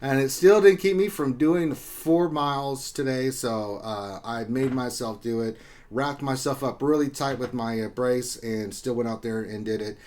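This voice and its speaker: A man hosting a live stream, reading out viewer greetings in a loose, joking way while in back pain and drinking, jumping between loud shout-outs and low mutters. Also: a little slow. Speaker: livestream host.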